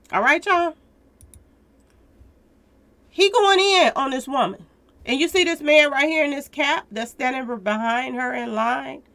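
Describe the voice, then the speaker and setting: A woman's voice: on the high side, a bit bright. A woman hosting a casual news commentary, talking straight to her viewers, repeating her points with emphasis. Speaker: commentary channel host.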